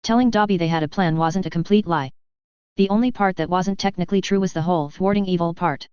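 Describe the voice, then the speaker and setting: A woman reading fan fiction aloud as narrator, with a steady, even storytelling delivery. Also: on the low side, fast, smooth, no echo, highs cut off. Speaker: audiobook narrator. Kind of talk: scripted narration.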